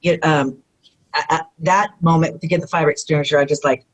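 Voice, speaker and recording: A woman guest in an interview, telling stories in a casual, animated way, often acting out quotes and saying "you know what I mean". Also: low-pitched, brisk, rough recording. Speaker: retired pro wrestler guest.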